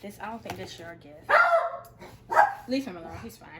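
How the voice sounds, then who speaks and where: A teenage girl opening gifts in a casual home vlog, breaking into loud, repeated excited exclamations. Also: medium pitch, normal speed, heavy background noise. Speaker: vlogger.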